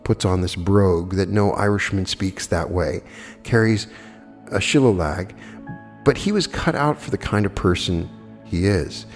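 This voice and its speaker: A man's voice: sits low, unhurried. A man giving a plainspoken spoken lecture, arguing his points with rhetorical questions and answering audience questions. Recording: old archive lecture with long hall reverb and faint music.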